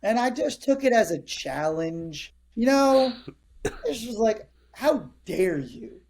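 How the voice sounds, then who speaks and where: Guy in his 30s, mellow warm tone, riffing a funny story full of energy. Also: very high-pitched, unhurried, slight background noise. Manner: energetic, acts out other people's lines. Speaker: comedian guest. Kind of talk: animated storytelling in casual chat.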